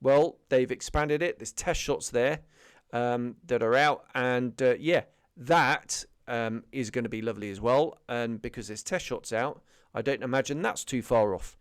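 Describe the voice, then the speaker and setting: A man's voice: mid-range voice, a little slow, clean tone, dry recording, clean studio sound. A middle-aged man hosting a hobby channel, giving a casual news update full of ums, restarts and self-corrections. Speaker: scale modelling channel host.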